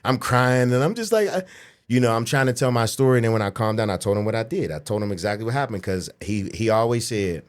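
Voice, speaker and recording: A man in his forties, from the Pittsburgh area, telling a profane childhood story as a podcast guest, animated and acting out the voices of people he quotes. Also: on the low side, fast talker. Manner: profane, animated, acts out quoted voices, frequent "you know what I'm saying". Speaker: podcast guest, pro bodybuilder. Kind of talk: casual storytelling in a podcast interview.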